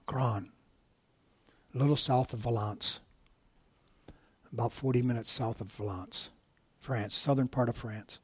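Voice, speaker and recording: A man's voice: medium pitch, fairly even intonation, a little slow, long pauses, darkish tone, husky, no room sound. A man giving a sermon as a guest preacher, telling a story with many restarts and asides to the congregation.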